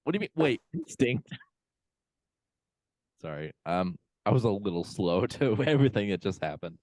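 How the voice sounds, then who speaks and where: Low voiced guy cohosting a podcast on a call, drawly, says like a lot, dry sound. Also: sing-song, moderate pace, darkish tone, no room sound. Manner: laid-back, drawling, lots of "like" and "yeah". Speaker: podcast co-host. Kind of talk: casual chat reviewing a film. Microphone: video call.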